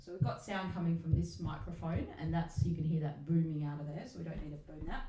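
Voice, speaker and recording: Woman, a singer, demoing mics at home; low-ish voice, rambling, self-deprecating, echoey room with faint hiss. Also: steady tone, fast talker, mellow. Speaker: singer reviewing microphones. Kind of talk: casual demo talk. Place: home recording setup.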